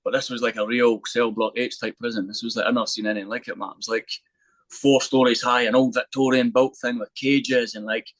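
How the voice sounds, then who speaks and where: A podcast guest, this man recounts a lively story in relaxed chat, cursing freely and acting out the other characters' voices. He has a mid-range voice and talks a little fast. The recording is dry and low in quality.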